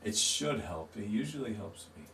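A man's voice: lowish voice, animated, moderate pace, distant mic, noisy background. A man hosting a live stream, laid-back and chatty, reading out and answering chat while he draws. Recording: roomy, off-mic, faint guitar music.

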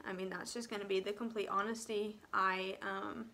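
A young woman tells her own story in an emotional vlog. She sounds close to tears and speaks haltingly, often dropping to a near whisper and filling pauses with "um" and "like.". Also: mid-range voice, level tone, sharp tone. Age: young adult. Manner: frequent "um" and "like" fillers.

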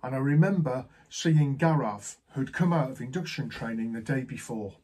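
Male sales trainer, mid-range pitch, slightly raspy, lively storyteller who voices each character. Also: normal speed. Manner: animated, acts out both sides of the dialogue. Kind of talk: storytelling to camera.

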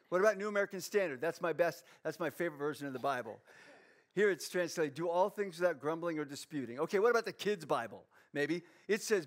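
A pastor with a noticeably high voice gives a lighthearted sermon. He teases himself, reads Bible verses aloud, and moves easily between jokes and earnest teaching. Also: animated, brisk. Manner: playful, self-mocking, reads scripture aloud. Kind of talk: humorous sermon.

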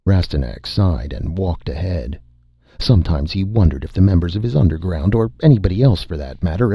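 A man narrating an audiobook in a measured, steady way, in a slightly muffled recording. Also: low voice, gravelly, breathy edge, no echo. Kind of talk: scripted narration.

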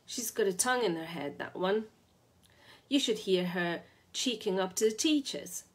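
A woman's voice: medium pitch, lively intonation, moderate pace, natural voice. A woman reading aloud, voicing a poor, reproachful mother of many children who teases and laughs easily. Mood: teasing. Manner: reproachful, teasing.

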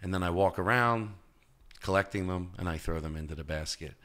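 A male comedian talking as a podcast guest, telling stories in an animated way and jumping into high, loud voices when he quotes people. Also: fairly quick. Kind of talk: casual interview chat.

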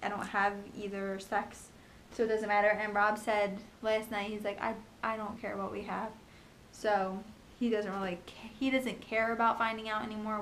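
A young woman in a casual home vlog, talking fast and chattily about her pregnancy, with lots of ums and likes. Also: mid-range voice, a bit bright, a little hiss or hum. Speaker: pregnancy vlogger. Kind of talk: casual chat.

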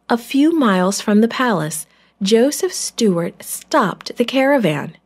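A woman narrating a children's Bible story in a clear storytelling manner. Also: medium pitch, darkish tone.

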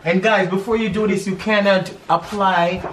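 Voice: mid-range voice, steady tone, normal speed. A vlogger chatting playfully and sassily while decorating, joking with friends. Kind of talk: casual home vlog. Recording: echoey room, noisy, off-mic.

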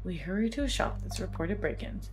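A young adult woman co-hosting a podcast, chatting playfully and reading game lines aloud with excitable energy. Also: lowish voice, fairly quick, faint music behind. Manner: playful, excitable, reads dialogue with little voices. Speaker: podcast co-host playing a visual novel. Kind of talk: casual let's-play chat, reading game lines aloud.

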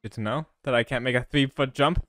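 A man's voice: mid-range voice, steady tone, normal speed, fairly bright tone, no room sound. Frustrated stammering male gamer. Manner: frustrated, self-talking, stammering restarts. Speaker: gaming YouTuber. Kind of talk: casual gameplay commentary.

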